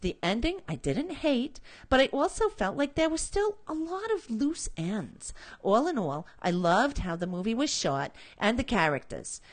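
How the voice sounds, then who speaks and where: A woman doing a cheerful college-age young woman reading a listener's message aloud. The voice sits high and swings widely, bright and upbeat throughout. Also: very animated, a little slow, hardly any pauses.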